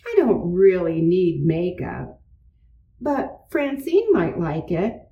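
A woman's voice: fairly low pitch, very animated, slow pace, gravelly, phone-quality sound, heavily acted. A woman voicing an earnest young girl in a storybook reading, recorded at a distance in a roomy space. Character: young girl, spoiled but caring.

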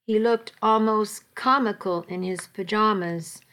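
A woman's voice: mid-range voice, a bit bright. A woman narrating a first-person story as an amateur audiobook, stopping now and then to restart a line. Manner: slow, with restarts and slips.

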